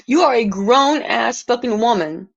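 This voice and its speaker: A woman's voice: fairly high pitch, animated, measured pace, vocal fry, dull audio. A woman livestreaming an angry, profane rant, stumbling and restarting words as she gets heated.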